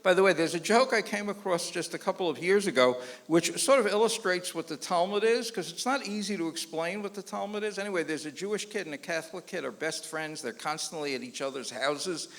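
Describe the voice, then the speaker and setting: A man's voice: high-pitched, fairly quick, hardly any pauses. A man, a rabbi, giving a public lecture and telling jokes, acting out the voices of the people in them. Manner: animated joke-telling with quoted voices. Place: lecture hall before an audience. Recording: long hall reverb.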